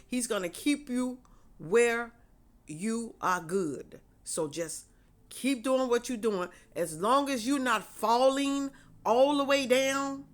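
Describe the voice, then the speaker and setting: A woman's voice: sits high, fairly bright tone. A woman talking casually to her viewers, encouraging them to trust God, and repeating her key phrases in a preachy, conversational way. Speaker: faith vlogger.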